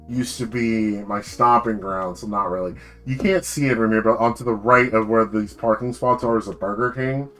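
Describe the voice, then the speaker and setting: A man's voice: mid-range voice, a bit bright. Young adult male streamer from New Jersey. Loose, slangy, profane, mid-range voice. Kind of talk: casual live-stream chat.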